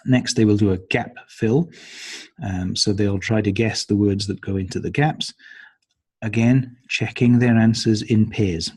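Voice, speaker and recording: With a lowish, fairly even voice that is a little slow, darkish, and slightly rough, a man who trains teachers explains each stage of a lesson plan to trainers, stumbling over frequent ums and uhs.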